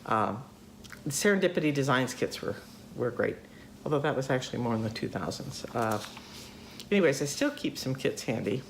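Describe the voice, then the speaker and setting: A woman's voice: rumbling low, lively intonation, normal speed, slight background noise. An older woman hosting a casual chat, talkative, laughing often and acting out voices in her stories. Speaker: host.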